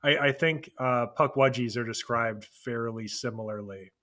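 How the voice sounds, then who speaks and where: A man co-hosting a podcast, talking through an idea in casual chat. His voice is bright and forward, and he halts often, filling gaps with fillers and restarting his sentences as he thinks aloud. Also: mid-range voice, moderate pace. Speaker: podcast co-host.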